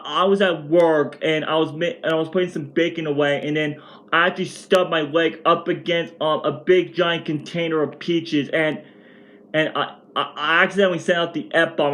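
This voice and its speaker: A vlogger in his twenties with a slightly high voice rants at home in an excitable, rambling storytime. He restarts his sentences often.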